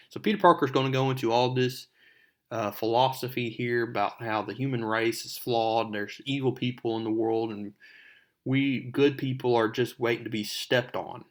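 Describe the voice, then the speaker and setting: A man with an ordinary mid-range voice hosting a comic book recap. He retells the plot loosely, drifting in and out of the characters' lines, and talks straight to his audience in a relaxed, conversational way. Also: medium pitch, moderate pace. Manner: conversational, addresses viewers directly. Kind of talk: casual comic recap narration.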